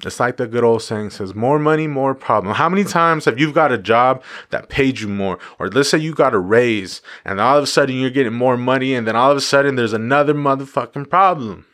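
A man's voice: medium pitch, brisk, few pauses, a bit bright. A man giving a casual motivational talk, driving his points home with repeated phrases and the odd swear word. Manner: emphatic repetition, casual profanity. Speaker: motivational vlogger.

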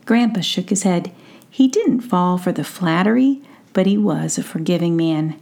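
Soft breathy woman telling a bedtime story. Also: fairly low pitch, animated. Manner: soft, slow and breathy, often near a whisper. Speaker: storyteller and podcast host. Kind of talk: gentle bedtime story narration. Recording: faint guitar music behind.

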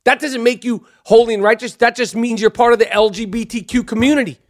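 Podcast host, middle-aged man, high voice, brash and foul-mouthed rant. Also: fairly even intonation, fast. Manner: brash, profane, heated ranting.

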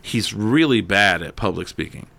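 Bright-voiced man telling a rambling story. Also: on the low side, normal speed, gravelly. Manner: animated, swears a lot, chatty asides. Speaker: podcast co-host telling a story. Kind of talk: casual storytelling chat. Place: studio.

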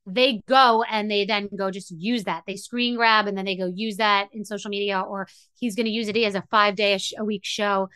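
A woman's voice: mid-range voice, fairly even intonation, normal speed, pushed and bright, clear, resonant tone, no echo. A middle-aged woman hosting a podcast, telling a personal story in an emotional, rambling way with many restarts. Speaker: podcast host. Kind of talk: candid monologue.

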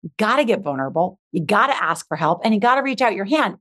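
A woman's voice: medium pitch, quick pace. A woman speaking as a guest on a podcast, an accountability coach who talks with energy and emphatic repetition. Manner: energetic, emphatic, repeats key words. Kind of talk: podcast interview.

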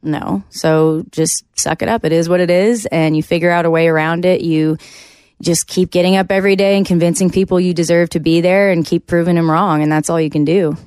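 A candid, chatty woman from Canada with a notably low voice, speaking as a podcast guest in her thirties. She talks freely with lots of fillers. Her voice sounds close and dry, with no room echo. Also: fairly even intonation, fairly quick, darkish tone, clean tone. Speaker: guest, country singer. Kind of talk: casual interview chat.

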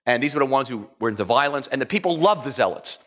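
A man's voice: medium pitch, lively intonation, quick pace, fairly bright tone, muffled recording. A man preaching a conversational sermon as a pastor, rambling with many fillers and acting out quotes.

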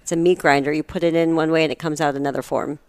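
A woman's voice: deep voice, fairly even intonation, fast, a little mellow, clean tone, no room sound. A woman who is an astrologer guest in a casual spiritual chat, explaining earnestly with analogies.

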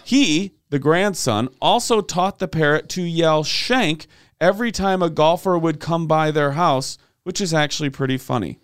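Man, podcast co-host, wry asides, fairly high voice, dry close sound. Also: normal speed, clean tone, dry recording. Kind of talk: casual comedic chat.

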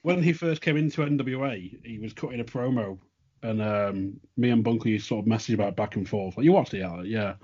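Husky-voiced man telling an anecdote. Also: lowish voice, fairly quick, warm tone. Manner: chatty storytelling, fillers. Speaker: co-host. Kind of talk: casual chat. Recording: dull lo-fi audio.

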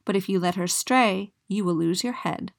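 A woman's voice: mid-range voice, moderate pace, vocal fry, natural voice. A woman voicing a stern old mountain witch in a storybook reading, commanding and matter-of-fact.

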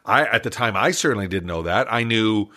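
Animated older man telling a story. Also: fairly low pitch, brisk. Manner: lively, animated storyteller who laughs often. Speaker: guest entrepreneur. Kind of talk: storytelling in a podcast interview.

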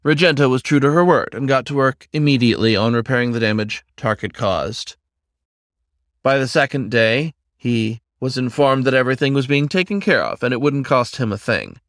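A man reading a fantasy story aloud as its narrator in a steady storyteller's manner. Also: mid-range voice, normal speed, no echo, clean studio sound. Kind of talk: scripted narration.

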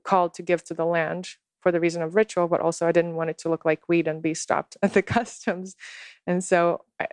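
Woman guest, low-ish voice, earnest unhurried storyteller, dry close sound. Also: no room sound. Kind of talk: personal storytelling in conversation.

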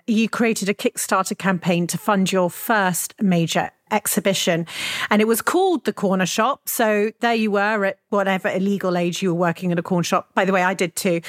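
A woman's voice: mid-range voice, no room sound. An enthusiastic woman hosts a podcast and interviews her guest with effusive questions. The recording is dry and close, with no room sound. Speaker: podcast host.

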